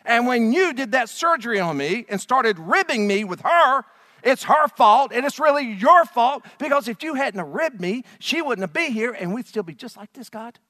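A man's voice: on the high side, animated, moderate pace, pauses often, a bit bright, long reverb tail. A man voicing Adam, the first man, whining and blaming God. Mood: whiny, accusing. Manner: whiny, accusing.

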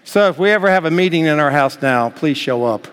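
A man's voice: fairly high pitch, expressive, fairly quick, fairly bright tone, smooth. A male pastor preaching a sermon, earnestly explaining scripture. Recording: long hall reverb.

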